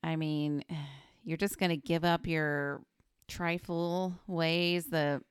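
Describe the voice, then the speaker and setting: A woman's voice: low-pitched, steady tone, slow, clear, resonant tone, no echo, studio quality. A woman co-hosting a podcast, chatting about a film in a laid-back way. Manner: laid-back, often laughing along. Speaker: podcast co-host. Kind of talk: casual film chat.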